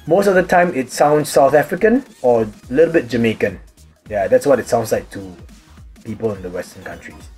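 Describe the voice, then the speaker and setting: Husky Singaporean guy, laid-back chat. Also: medium pitch. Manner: relaxed, chatty, explains with examples. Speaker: YouTube host answering viewer questions. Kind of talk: casual chat. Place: room at home with hobby figurines.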